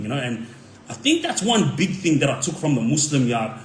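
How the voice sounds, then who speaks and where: A man's voice: a little high, sing-song, fairly quick, reverberant, slight background noise. An Australian man, a former inmate, telling his prison stories casually and rambling with lots of slang and filler words. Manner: rambling, full of "like" and "um", street slang. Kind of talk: casual storytelling.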